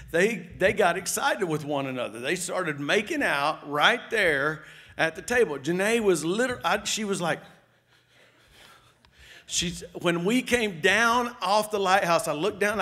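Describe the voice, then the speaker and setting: Guy preaching, telling a wild story to the church, talks to them as y'all, kinda high voice. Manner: animated storytelling, addresses the audience as y'all. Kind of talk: sermon storytelling to a congregation.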